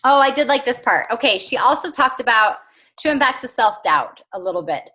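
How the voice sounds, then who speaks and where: A woman with a bright, forward voice, talking to her team in a casual motivational call. She is chatty and earnest, filling pauses with "um" and soft laughs. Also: fairly high pitch, expressive. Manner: chatty and earnest, with frequent fillers and small laughs. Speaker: team coach.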